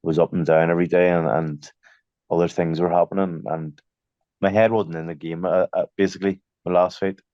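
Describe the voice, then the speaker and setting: A young boxer in a casual interview, chatty, telling stories with many fillers and restarts. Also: male voice, low voice, flat delivery, a little fast, mellow, no room sound, muffled recording.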